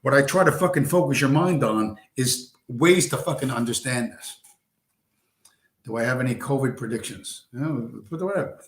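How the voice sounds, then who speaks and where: This is a profane late-night stream rant: the host, a man with a medium-pitched voice talking at normal speed, is blunt and crude with his viewers. His voice is going hoarse as he sits in a home room with a squeaky chair, and the sound is roomy and echoing.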